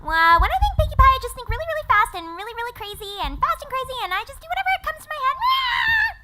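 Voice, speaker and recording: Very high-voiced bubbly woman, noisy. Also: sing-song, very fast. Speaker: voice actor panelist. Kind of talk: convention panel answer. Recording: loud background noise.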